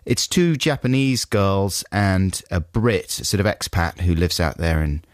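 A man's voice: deep voice, unhurried, dry recording, clean studio sound. A man co-hosting a radio breakfast show, teasing his partner playfully in casual banter and giggling often.

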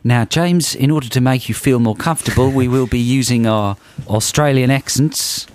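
A man's voice: medium pitch, normal speed, darkish tone. A man co-hosting a radio show, teasing and stirring up a caller in casual banter. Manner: teasing, mischievous. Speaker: radio host. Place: radio studio.

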